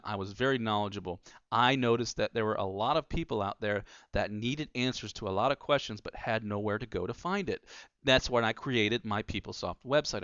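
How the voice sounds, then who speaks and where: Smooth-voiced earnest male business coach. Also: mid-range voice, a bit bright, dry recording, dull audio. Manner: earnest, emphatic, preachy. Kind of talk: motivational talk.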